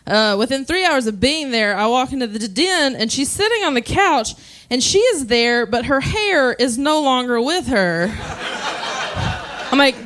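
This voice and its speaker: A young woman from the South, performing a stand-up comedy set with animated storytelling and shouted acted-out asides. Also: high-pitched. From American South.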